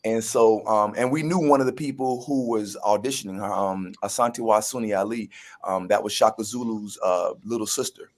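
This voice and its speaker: A man's voice: lowish voice, moderate pace. A man, a guest actor telling his story in a casual interview. He acts out the voices he quotes and often restarts his sentences.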